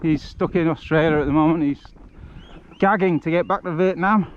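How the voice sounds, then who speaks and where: A British man rambling to his viewers while he walks along a country path, a little out of breath. His voice sits fairly high, and it comes through dull, lo-fi phone audio. Clear outdoor noise runs behind him. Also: moderate pace. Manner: chatty, rambling, addresses viewers by name. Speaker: charity walker live-streaming. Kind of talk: casual live-stream chat while walking. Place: outdoors on a country path among rice fields.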